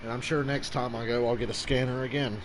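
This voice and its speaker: A man's voice: medium pitch, fairly even intonation, quick pace, noisy background. A man ranting casually through a live race reaction, swearing without a second thought. His voice sits in an ordinary middle range and stays offhand and frank. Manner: blunt, ranting, swears often.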